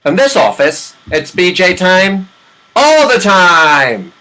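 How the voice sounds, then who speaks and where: A man's voice: sits high, very animated, slow pace, bright, forceful tone, pitched above the performer's own voice, heavily acted, low-quality recording. A man voicing a brash male job recruiter from Beijing in a put-on Chinese accent, clipped and mock-formal, over a hissy video call. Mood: brusque. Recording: hissy online call audio.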